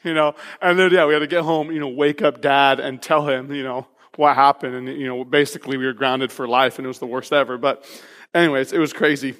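A male pastor preaching a sermon, telling a personal story in an animated, laughing, casual way before moving into scripture. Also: medium pitch, a little fast. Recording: long reverb of a large hall.

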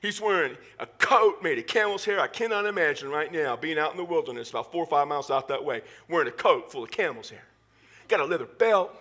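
A male pastor with a Southern Texas accent preaching a sermon in church, animated and full of joking asides. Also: a little high, fast talker.

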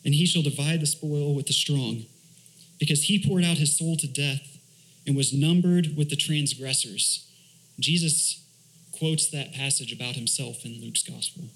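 A man's voice: medium pitch, measured pace, a bit bright, rough recording. A man, a church elder, preaching a sermon, asking rhetorical questions, reading scripture aloud and explaining Hebrew words.

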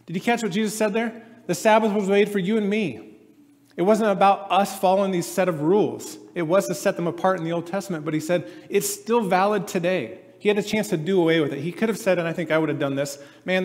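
A man in his forties preaching a sermon as a pastor, talking in a conversational way and acting out the voices he quotes. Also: a little high. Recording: long hall reverb.

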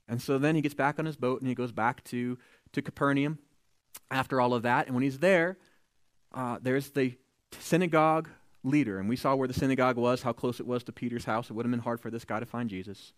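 A man preaching a sermon, retelling scripture with lively storytelling, acting out the quoted voices and adding joking asides. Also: on the high side, brisk, dry recording, studio quality. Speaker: pastor.

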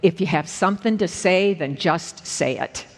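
A woman preacher voicing a gruff, curt middle-aged male businessman in her sermon story. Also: on the low side, moderate pace. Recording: echoey hall with long reverb.

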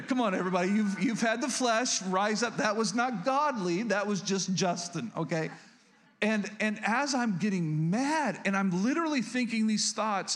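High-voiced man preaching earnestly. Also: expressive, moderate pace, a bit bright. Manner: earnest and confessional, with many restarts and questions to the congregation. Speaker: pastor. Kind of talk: sermon.

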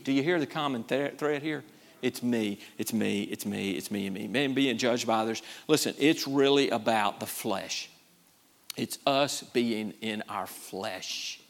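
A man preaching a sermon, repeating himself and swinging between loud bursts and quiet asides. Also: mid-range voice, unhurried, creaky.

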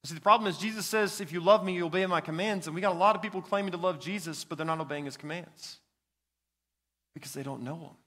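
A man's voice: high voice, fast talker, fairly bright tone. A young man, a student pastor, preaching a sermon in an earnest storytelling way. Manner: earnest, storytelling with a child's anecdote. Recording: reverberant hall.

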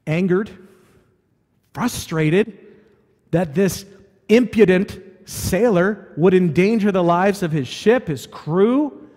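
High-voiced preacher in a reverberant hall. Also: male voice, slow pace, pauses often, a little mellow. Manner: conversational, asking the audience questions. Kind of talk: sermon.

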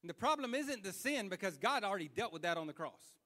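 Very high-voiced impassioned male preacher. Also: sing-song, quick pace. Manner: impassioned, repetitive preaching that builds to loud fervor; colloquial, with slips and restarts. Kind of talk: sermon.

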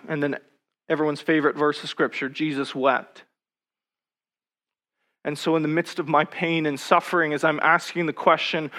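A man preaching a sermon, reading scripture slowly and then pressing personal questions with rising intensity. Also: fairly high pitch, fairly bright tone.

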